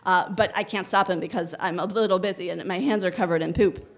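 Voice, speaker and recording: A woman in her thirties telling a personal story on stage, animated and wry, often breaking into laughter. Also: fairly low pitch, quick pace.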